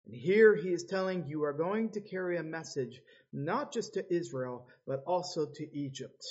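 A man's voice: fairly high pitch, normal speed, a little mellow, slightly rough, dull audio. A man preaching a sermon, dramatically acting out the voices of biblical figures as he tells the story. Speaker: pastor.

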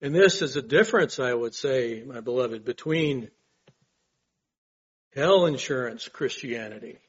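A pastor preaches a sermon at an unhurried, deliberate pace in a slightly husky, mid-range, animated voice. Earnest in manner, he builds through rhetorical questions and swells in volume on key phrases. The recording sounds a bit dull and lo-fi.

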